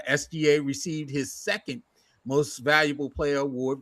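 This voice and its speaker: A man co-hosting a casual sports talk show, animated and jokey, loose with slang. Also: medium pitch, dry recording, studio quality.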